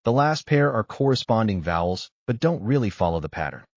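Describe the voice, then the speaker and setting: A man narrating a scripted language lesson, explaining rules in a measured way. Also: on the low side, big pitch swings, no echo, dull audio. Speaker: language teacher.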